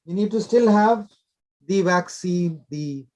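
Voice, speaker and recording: An older male doctor offers advice in an explanatory interview, his fairly high voice carrying a darkish tone. He speaks slowly and instructively, using short directives he repeats.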